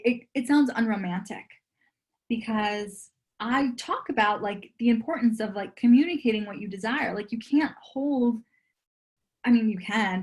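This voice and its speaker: A woman with a fairly high voice talks through relationship advice as an interview guest. She is chatty and earnest and fills her speech with "like". She sounds to be in her thirties. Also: a little mellow. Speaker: relationship and dating coach, guest. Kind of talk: casual podcast interview.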